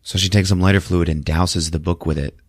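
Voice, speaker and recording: A man hosting a podcast, recapping a film in a casual, profane, animated storytelling manner. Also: low voice, fairly quick, no room sound, studio quality. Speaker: podcast host.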